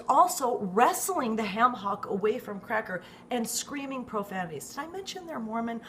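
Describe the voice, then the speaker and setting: A middle-aged woman from the United States telling an exasperated, animated story in a casual vlog, swearing freely and often tagging her lines with "okay?". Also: on the high side, slight background noise. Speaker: vlogger, dog owner.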